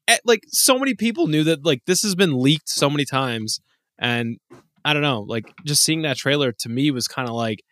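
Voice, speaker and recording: Man, casual podcast chat, lively swinging pitch, dry close sound, laughs a lot. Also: measured pace, long pauses, no echo. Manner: laughing, swearing, animated. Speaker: podcast co-host.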